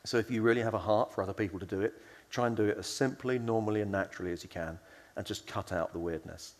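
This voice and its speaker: A man's voice: lowish voice, quick pace, long reverb tail. A man giving a conference sermon in a conversational way, telling stories and acting out the voices he quotes. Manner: storytelling, acts out quoted voices; conversational with fillers and restarts. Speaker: conference speaker.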